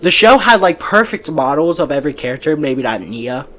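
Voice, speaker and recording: A man's voice: a little high, big pitch swings, fairly quick, bright, forceful tone, a little hiss or hum. A man hosting a casual movie podcast, giving breezy opinions and often restarting his sentences. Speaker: podcast host.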